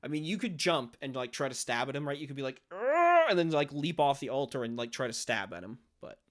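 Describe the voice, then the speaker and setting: A man's voice: mid-range voice, quick pace. A man narrating a tabletop role-playing game as game master, explaining rules and acting out monster noises.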